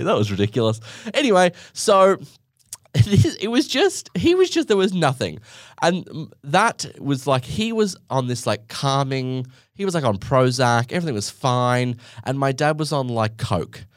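A man's voice: mid-range voice, very animated, moderate pace, no echo, clean studio sound. A man hosting a podcast, telling comic stories in a rambling way, full of asides and jokes at his own expense. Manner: rambling, with many asides and self-mocking jokes. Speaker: podcast host. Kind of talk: casual comedic storytelling monologue.

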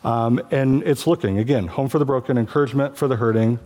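A man preaching a sermon from the pulpit of a church. He talks to the congregation in a conversational way and pushes into passionate, emphatic stretches. His pitch sits in an ordinary middle range. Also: fast, a little mellow. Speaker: pastor.

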